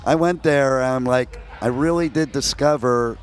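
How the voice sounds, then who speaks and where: A man's voice: medium pitch, moderate pace. An American man from New York and New Jersey, interviewing a band outdoors at a music festival in a chatty, joking way. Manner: chatty, jokey, laughs between stories.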